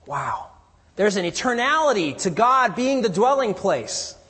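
A man with a fairly high, somewhat husky voice preaches in an earnest way, moving between loud emphasis and hushed, quiet lows. His voice carries a long reverb, as if in a church sanctuary. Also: sing-song, measured pace. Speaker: pastor. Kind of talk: sermon. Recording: reverberant hall.

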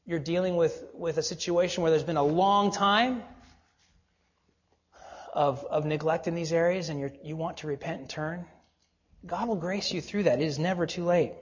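Earnest pastor preaching to men. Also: male voice, moderate pace, long reverb tail, highs cut off. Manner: earnest, exhorting, drops low and quiet for emphasis. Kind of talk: sermon.

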